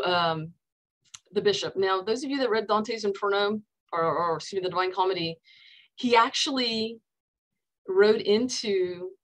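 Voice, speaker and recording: A woman's voice: medium pitch, low-quality recording. A woman counselor leading a casual book discussion over a video call, retelling scenes by acting out the characters' quoted dialogue.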